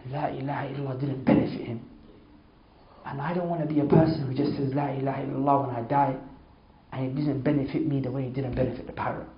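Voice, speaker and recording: A man's voice: fairly even intonation, fast, crowd noise, lightly acted. Man doing grieving old religious teacher, earnest, sorrowful, echoey room. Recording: echoey, dull low-fi sound.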